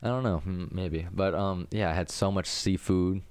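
A young man from Florida with a very deep, smooth voice, chatting casually as a podcast co-host. He rambles, swears freely and laughs often, recorded close and dry with no room sound. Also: moderate pace, darkish tone, dry recording. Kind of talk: casual chat.

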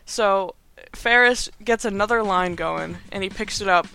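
A man's voice: sits high, steady tone, a little slow, vocal fry, pushed and bright, clear, resonant tone. A man hosting a podcast, casually recapping a movie in a rambling, chatty way with frequent laughs. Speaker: podcast host. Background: movie soundtrack playing faintly.

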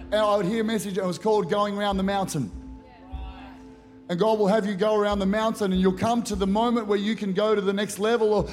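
A man's voice: sits high, a little mellow. A middle-aged male pastor preaching a conference sermon into a handheld microphone, emphatic and acting out prayers. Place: large church auditorium at a conference.

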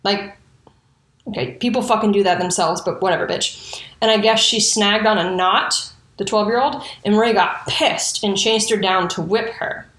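A woman's voice: medium pitch, moderate pace, hardly any pauses, fairly bright tone, echoey room. A woman telling a history story in a casual, profane way, with indignant and sarcastic asides. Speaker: true crime storyteller.

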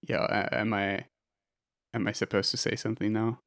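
Gravelly laconic male guest. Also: fairly low pitch, little pitch movement, normal speed, a bit bright. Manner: laconic, awkward. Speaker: podcast guest. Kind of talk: casual chat.

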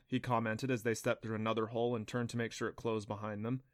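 A man narrating a children's adventure audiobook in a steady, clear storytelling voice. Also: on the low side, fast, no echo, studio quality. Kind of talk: scripted narration.

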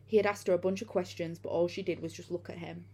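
A woman's voice: lowish voice, steady tone, quick pace, dark tone, husky. A woman reading a first-person horror story aloud in a casual, profane way. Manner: casual, profane retelling with many fillers. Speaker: narrator.

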